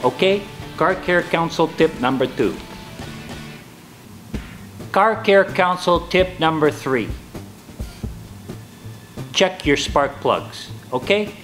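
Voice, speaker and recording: A man's voice: on the high side, expressive, takes it slowly, long pauses, a bit bright, soft background music. A man playing a folksy, hammy car dealer, delivering a comedic sketch monologue in salesman patter. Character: hammy, folksy male used-car dealer giving tips.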